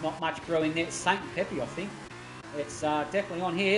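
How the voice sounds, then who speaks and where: Excitable race commentator. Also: male voice, fairly high pitch, a little fast, over music. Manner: excitable, shouting at the action. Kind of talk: live stream race commentary. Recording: roomy with faint noise.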